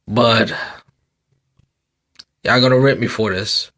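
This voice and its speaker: A man's voice: mid-range voice, unhurried, a bit bright. A man in his thirties hosting a sports podcast, talking in a loose, rambling rant with many repeats and fillers, tired and yawning. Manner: rambling, repeats himself, frequent um and you know. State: sleepy, yawning. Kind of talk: casual sports commentary rant.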